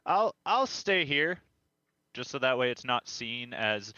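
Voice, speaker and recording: A man's voice: mid-range voice, sing-song, takes it slowly, sharp tone, no echo, lo-fi sound. A young man playing a tabletop game, playful, laughing, sometimes talking in character. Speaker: player. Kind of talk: casual tabletop play.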